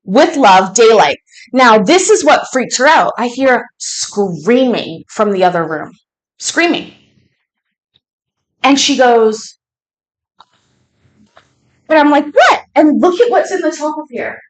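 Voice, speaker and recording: A woman vlogging from home as she unboxes fan mail, gushing and quick to laugh. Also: fairly high pitch, big pitch swings. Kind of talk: casual unboxing chat.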